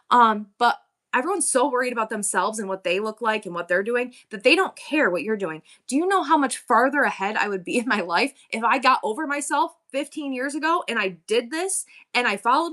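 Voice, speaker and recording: Woman, livestream host, fairly high voice, bright tone, blunt and rambling, candid. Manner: candid, rambling, emotional talk with many restarts; blunt and swears freely. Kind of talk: casual livestream chat.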